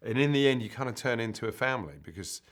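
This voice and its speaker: A man, an actor talking casually in a press interview, relaxed and conversational with plenty of fillers. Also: medium pitch, fast talker. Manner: relaxed, conversational, uses "you know" fillers.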